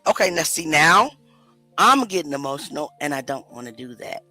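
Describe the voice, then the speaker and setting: A woman's voice: sits low, sing-song, normal speed, pushed and bright, faint music behind. A woman hosting a livestream commentary, ranting emotionally and confronting someone. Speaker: host.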